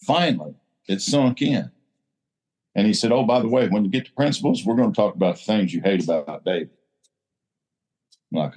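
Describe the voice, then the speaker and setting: Blunt deep-voiced man. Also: animated, fairly quick, long pauses, a little mellow. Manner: blunt, salty, preacher-like emphasis. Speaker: recovery meeting speaker. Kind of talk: casual recovery group talk.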